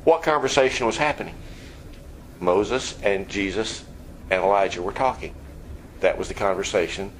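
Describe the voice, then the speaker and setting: A man preaching a sermon in a conversational way, asking the listeners questions and dropping low and quiet on key points. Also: moderate pace, long pauses, a little hiss or hum, rough recording. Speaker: pastor.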